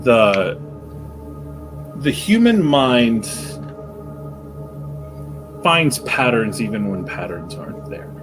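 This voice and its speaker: A man narrating a tabletop role-playing game as game master, describing scenes in a measured way. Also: mid-range voice, very animated, over music.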